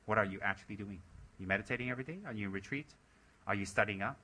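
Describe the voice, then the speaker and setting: A middle-aged man with a bright, forceful voice delivers a dharma talk to his center's members. He scolds and urges them on, and slips into mocking voices to parody their excuses. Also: lowish voice, racing. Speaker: Buddhist teacher.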